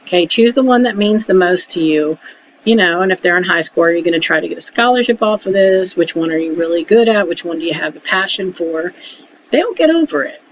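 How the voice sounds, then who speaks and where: A woman talking casually to camera, giving frank advice and often checking in with a quick "okay?". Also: fairly low pitch, expressive. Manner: chatty, keeps checking in with "okay?"; frank, mildly salty. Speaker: emotional support vlogger. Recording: dull lo-fi audio with faint hiss.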